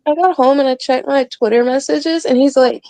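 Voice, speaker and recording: A woman's voice: high voice, moderate pace, crowd noise. A woman chatting casually on a live stream in a playful, teasing way.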